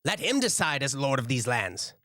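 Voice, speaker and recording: A man's voice: medium pitch, big pitch swings, normal speed, pushed and bright, no room sound, studio quality. A man voicing a suspicious young male soldier who speaks in a formal, cutting way.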